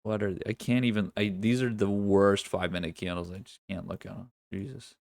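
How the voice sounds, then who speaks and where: Low-voiced man hosting a trading stream. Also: flat delivery, a little fast, gravelly, darkish tone, no echo, studio quality. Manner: casual, profane, thinks aloud with many restarts. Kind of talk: live market commentary.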